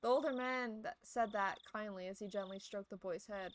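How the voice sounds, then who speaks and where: A woman's voice: medium pitch, normal speed, few pauses, slight background noise. Playful young woman streamer. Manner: playful, giggly, chatty with viewers. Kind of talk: reading a visual novel aloud on stream.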